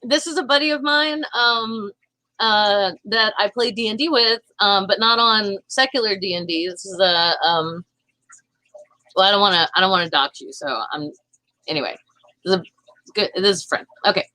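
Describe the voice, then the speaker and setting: Southern woman, live-stream host, heated fast chatter, bright voice, dry close sound. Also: medium pitch, no echo, rough recording. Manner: fast, heated, talks to chat viewers. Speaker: livestream host reading chat. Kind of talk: casual political livestream chat.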